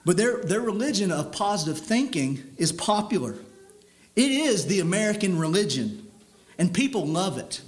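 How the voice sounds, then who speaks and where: Male preacher, higher register, stern and earnest sermon delivery with restarts. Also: big pitch swings, normal speed. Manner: earnest, stern, repeats words while building a point.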